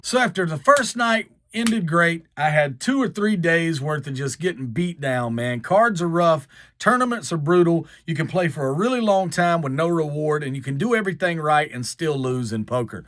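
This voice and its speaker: A man from the American South with a long drawn-out Southern accent, telling a self-mocking story. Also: fairly high pitch. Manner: drawled, self-mocking, animated. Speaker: vlogger. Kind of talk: storytelling to camera.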